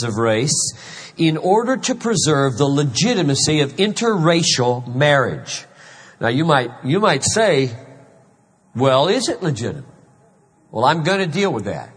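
Earnest pastor preaching in a hall. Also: male voice, fairly high pitch, sing-song, unhurried, slightly rough. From South Carolina, USA. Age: 50s. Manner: earnest, emphatic preaching with repetitions. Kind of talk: sermon. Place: large church hall. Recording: long hall reverb.

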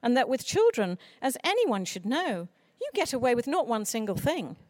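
Higher-voiced woman giving an earnest talk. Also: normal speed, dry recording, clean studio sound. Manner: earnest, expressive speaker with mock voices for quoted people. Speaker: children's author. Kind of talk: conference talk.

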